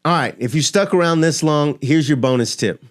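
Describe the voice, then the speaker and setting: A man's voice: on the high side, moderate pace. Emphatic man giving a motivational talk. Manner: emphatic, rhetorical questions, builds with repetition. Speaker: finance and motivation creator. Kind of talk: direct-to-camera motivational talk.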